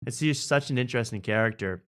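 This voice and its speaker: Man, mid-pitched voice, comedy podcast host, sarcastic riffing, laughs a lot. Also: quick pace, a bit bright. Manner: sarcastic, jokey, laughing often. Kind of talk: comedic reaction commentary.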